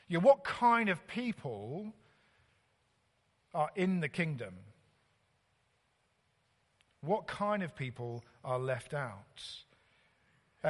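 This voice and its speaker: Visiting preacher, man, chatty halting delivery, church hall reverb. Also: a little high, a bit bright. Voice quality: halting, many fillers and restarts. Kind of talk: sermon.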